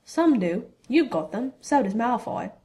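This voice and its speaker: A woman's voice: a little high, big pitch swings, unhurried, dark tone. A woman voicing a scheming, cheeky teenage boy wizard in a storybook reading, with a brash, teasing manner.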